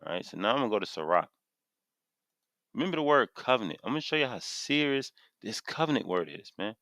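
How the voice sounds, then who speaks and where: A man's voice: on the low side, big pitch swings, fast, fairly bright tone, dry recording. Fired-up preaching man, dry close sound. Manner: impassioned, preachy, reads verses aloud then repeats them with emphasis. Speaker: street preacher teaching scripture. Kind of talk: fiery scripture sermon to camera. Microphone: camera mic.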